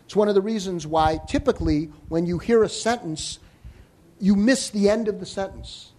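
A man giving a live talk to an audience on hearing and listening, explaining in an animated way with joking asides. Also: high-pitched, moderate pace. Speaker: hearing health lecturer.

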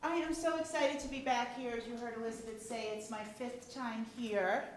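A woman's voice: on the high side, steady tone, moderate pace, slight background noise. A middle-aged woman giving an upbeat, effusive talk as a guest speaker at a club lecture venue. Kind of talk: enthusiastic public talk.

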